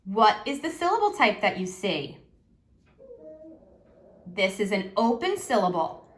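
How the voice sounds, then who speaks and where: A woman teacher giving a slow, patient phonics lesson to children, asking them questions as she goes. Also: medium pitch, sing-song.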